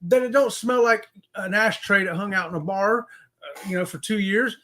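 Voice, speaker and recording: A man's voice: high voice, moderate pace, pushed and bright. Upbeat man hosting a live chat. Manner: playful, jokey, laughs often, greets viewers by name. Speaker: livestream co-host.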